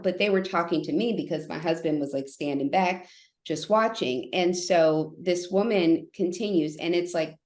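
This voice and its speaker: A woman in her thirties tells a story in a lively way and puts on the voices of the people in it. Her voice sits on the low side. The room adds a clear echo. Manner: animated, acts out quoted voices. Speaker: guest, therapist. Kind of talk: storytelling in a podcast interview. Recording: echoey room.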